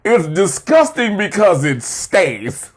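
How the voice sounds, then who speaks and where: Animated man, laughing recap banter. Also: takes it slowly, husky. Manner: animated, acts out characters in high squeaky voices, laughing often. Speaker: co-host of a TV review show. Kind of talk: casual banter recapping an episode.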